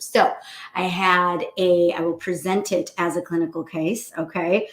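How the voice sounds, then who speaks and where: A woman cardiologist telling a patient's story to a group, animated and chatty. Her voice has a gravelly edge, and the room around her is echoey. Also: fairly low pitch, moderate pace. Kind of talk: casual morning talk to a group.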